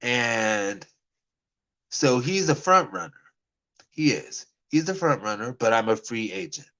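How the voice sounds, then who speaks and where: A man talks straight to his camera in an average-pitched voice, spinning a personal story about dating. He rambles and stammers, restarts his sentences, and slips between lively bursts and quiet, mumbled asides. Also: measured pace, poor audio. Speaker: vlogger. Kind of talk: casual talk to camera.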